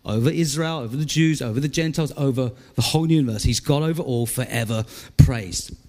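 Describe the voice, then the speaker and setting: A male pastor preaching a sermon in a conversational, animated way, asking the congregation questions. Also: mid-range voice, fairly quick. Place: church.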